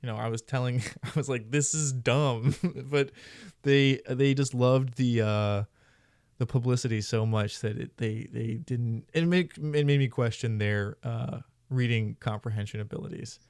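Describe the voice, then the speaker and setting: A man's voice: medium pitch, steady tone, normal speed, a little mellow, clear, resonant tone, no echo, clean studio sound. A man hosting a podcast, talking casually in a rambling, profane way with many restarts. He is from Florida. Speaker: podcast host. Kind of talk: casual conversation.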